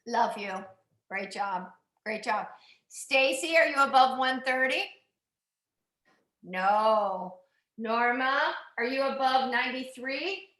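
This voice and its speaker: Cycling instructor, woman: bright, higher voice, encouraging, in a roomy space. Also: lively intonation, slow, pauses often. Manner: upbeat, encouraging, calls out numbers. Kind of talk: coaching an indoor cycling class. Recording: echoey room.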